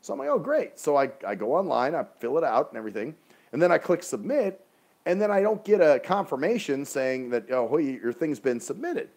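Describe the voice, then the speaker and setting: A man's voice: fairly high pitch, big pitch swings, a little fast, a little mellow. A man telling an exasperated, profane story in a casual ranting livestream, speaking into a phone.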